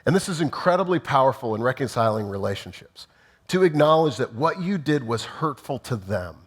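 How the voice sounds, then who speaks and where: A man's voice: medium pitch, lively intonation, fairly quick, breathy edge. A man preaching a sermon, teaching in numbered points and briefly acting out sample apologies. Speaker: pastor.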